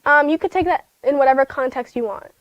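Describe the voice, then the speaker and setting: Woman, children's Bible teacher on a livestream; chatty and rambling, with constant fillers and restarts; high voice, dull lo-fi sound. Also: fast talker, dry recording. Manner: chatty, rambling, many fillers and self-corrections. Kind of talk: casual livestreamed Bible lesson.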